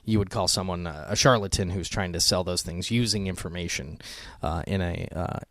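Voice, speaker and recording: A man talks loosely on his podcast, his voice sitting a little low and heard close and dry. He rambles, fills gaps with ums and swears offhandedly. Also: a little fast, no echo. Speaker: podcast co-host. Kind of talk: casual chat.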